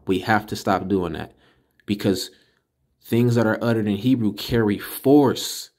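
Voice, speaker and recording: A man teaching a casual class, correcting pronunciation in an emphatic way and slowly sounding out syllables one by one. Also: on the low side, a little mellow. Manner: slow, deliberate, repeats and sounds out syllables. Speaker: teacher of a religious language class. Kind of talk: casual spoken lesson.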